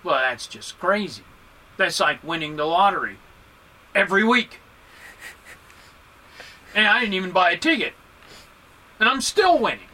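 A man giving a Buddhist dharma talk to a group, animated and joking, with emphatic swings in his voice. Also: sits high, unhurried, pauses often, poor audio. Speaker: Buddhist teacher.

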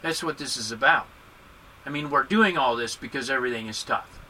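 A man giving a Buddhist dharma talk to a group, animated and joking, with emphatic swings in his voice. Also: mid-range voice, brisk, a little hiss or hum, rough recording. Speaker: Buddhist teacher.

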